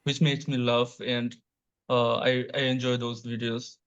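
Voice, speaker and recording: A man's voice: medium pitch, flat delivery, unhurried, smooth. A young man with a Bangladeshi English accent, answering exam questions hesitantly, with many filler sounds and little energy. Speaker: speaking test candidate. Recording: dull lo-fi replayed test audio.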